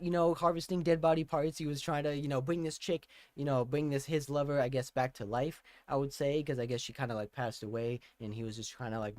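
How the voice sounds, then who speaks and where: Rambling, excitable male reaction host. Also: fairly high pitch, dry recording. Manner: rambling, lots of fillers and hedges; excitable outbursts. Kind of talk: casual reaction commentary.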